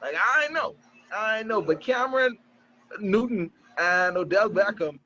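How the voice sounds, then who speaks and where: A man with a notably high voice hosting a morning radio show. He talks in quick, lively DJ patter. The sound is dull and lo-fi, as if taken from a broadcast, with faint noise behind him. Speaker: radio host and DJ.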